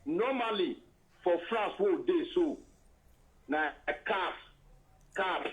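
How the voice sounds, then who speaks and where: A man's voice: sits high, expressive, takes it slowly, highs cut off. A man with a Nigerian accent on a live video call, speaking in pidgin. He rants heatedly, makes accusations and repeats himself.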